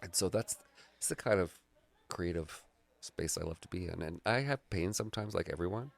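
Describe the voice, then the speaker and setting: Low, gravelly-voiced reflective man. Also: normal speed. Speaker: graphic artist and guide, guest. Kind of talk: casual conversation.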